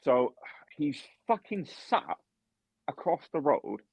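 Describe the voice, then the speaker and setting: A man's voice: a little high, big pitch swings, slow pace, gravelly, a little mellow, breathy edge, no echo. A young man co-hosting a podcast, telling a story in casual chat, swearing heavily with lots of restarts and fillers. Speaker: podcast co-host and barman. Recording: dry, dull lo-fi podcast mic.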